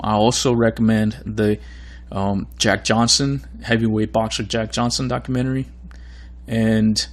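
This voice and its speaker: A man hosting his own podcast in a casual monologue, earnest and rambling, with a voice going hoarse. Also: on the low side. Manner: rambling, earnest, many fillers and restarts. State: losing his voice. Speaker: podcast host.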